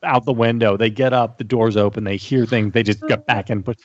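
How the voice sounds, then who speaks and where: A man's voice: mid-range voice, fairly even intonation, brisk, no echo, lo-fi sound. A man talking as a podcast guest in casual chat, rambling with restarts and asides. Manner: talkative, with many restarts and asides.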